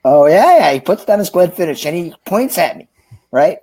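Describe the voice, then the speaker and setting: A man telling a lively, joking story in a livestream interview, acting out the people he quotes. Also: sits high, normal speed, gravelly, husky. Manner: animated, acts out quoted dialogue, jokey. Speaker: author and sales executive. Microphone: remote livestream call.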